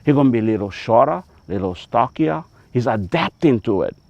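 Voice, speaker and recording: A man's voice: mid-range voice, expressive, brisk, gravelly, darkish tone, no echo, dull audio. A man with a Hawaiian Pidgin accent, a farmer teaching outdoors on a taro farm in a folksy, emphatic way, mixing in Hawaiian words.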